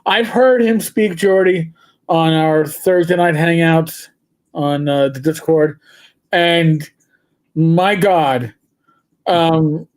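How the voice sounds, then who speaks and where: A middle-aged man co-hosting a casual chat, telling stories and stumbling over repeated words. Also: on the high side. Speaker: co-host, former police officer.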